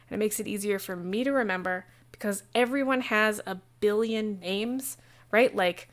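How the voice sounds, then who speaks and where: A woman game master talking casually on a livestream about running a tabletop session, chatty and digressive, with quick asides. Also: medium pitch, a bit bright. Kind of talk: casual how-to talk on a livestream.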